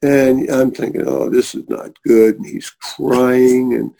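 A man's voice: medium pitch, slow pace, gravelly. A middle-aged man, a guest on an interview show, earnestly telling a personal faith story and acting out the people he quotes. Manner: earnest, animated storyteller who acts out quoted voices.

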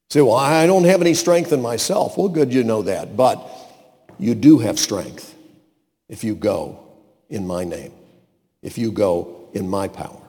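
Slow, lively preacher man in reverberant hall. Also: mid-range voice. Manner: dramatic shifts from loud to hushed, acts out quotes. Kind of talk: sermon.

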